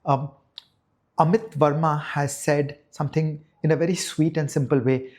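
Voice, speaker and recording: Man from India, podcast guest, emphatic, rhetorical, fairly high-pitched voice. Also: fairly even intonation, normal speed, a little mellow. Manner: emphatic, rhetorical, builds arguments with examples. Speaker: economist guest. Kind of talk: conversational podcast discussion.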